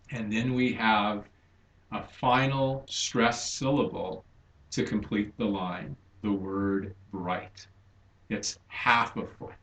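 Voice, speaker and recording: A man giving a recorded literature lecture, speaking deliberately and stressing syllables to show the meter. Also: medium pitch. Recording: echoey room.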